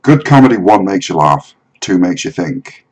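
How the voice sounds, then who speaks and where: A man's voice: deep voice, a little slow, husky, lo-fi sound. A man co-hosting a podcast in casual chat, chiming in and building on his partner's points. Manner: interjects and builds on the other speaker's points. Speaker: podcast co-host.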